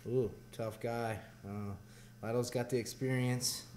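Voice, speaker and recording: A man's voice: medium pitch, steady tone, a little slow, darkish tone. Southern guy, laid back, lots of uh and you know, faint hiss. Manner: laid-back, rambling with fillers. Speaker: guest fighter. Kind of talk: casual interview chat.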